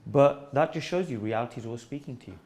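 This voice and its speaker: A man at mid pitch who talks quickly. He leads a spiritual discussion in a playful, teasing way and tells stories to the group. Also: animated, a little mellow. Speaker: spiritual teacher in a group talk. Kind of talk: informal discussion with an audience.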